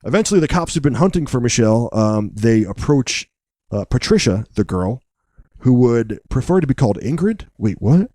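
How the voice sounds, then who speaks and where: Guy doing a jokey deadpan movie recap on a podcast, mellow low-key voice, dry close sound. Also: moderate pace, no echo. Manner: wry, joking, deadpan asides. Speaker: podcast co-host recapping a film. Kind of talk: casual comedic film recap.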